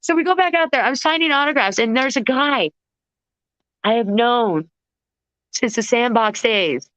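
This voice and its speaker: A woman guest vocalist telling stories in a casual interview, animated and acting out the people in them. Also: fairly high pitch, unhurried, dry recording, low-quality recording. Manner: animated, acts out voices in anecdotes.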